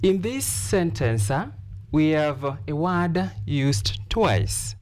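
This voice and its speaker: A man teaching a lesson on TV. He speaks slowly and deliberately, and his pitch rises and falls widely to stress words. He repeats examples and fills pauses with "uh". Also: sing-song, a little mellow. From Kenya. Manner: deliberate explaining with repeated examples and frequent "uh" fillers. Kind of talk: televised classroom lesson.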